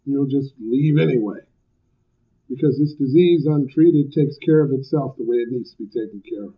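Blunt, loud-spoken man on a dull recording. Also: mid-range voice, moderate pace. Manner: blunt, loud and emphatic, joking. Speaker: speaker at a recovery meeting. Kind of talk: personal recovery talk.

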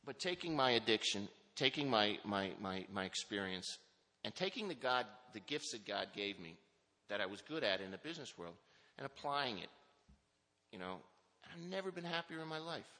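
A man's voice: medium pitch, very animated, moderate pace, bright, forceful tone. A middle-aged man speaking candidly and earnestly to an audience in a large hall, telling his recovery story with frequent restarts. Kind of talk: personal recovery testimony. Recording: long hall reverb.

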